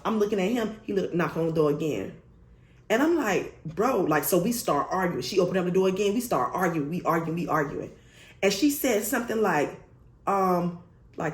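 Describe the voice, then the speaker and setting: A young woman vlogger telling a storytime story in an animated, emphatic way, swearing freely. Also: lowish voice. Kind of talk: storytime vlog. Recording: roomy echo.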